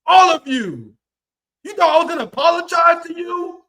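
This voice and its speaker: Furious high-pitched man ranting live. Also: animated, moderate pace. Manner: angry, profane, often shouting. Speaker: livestream host. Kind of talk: heated livestream rant.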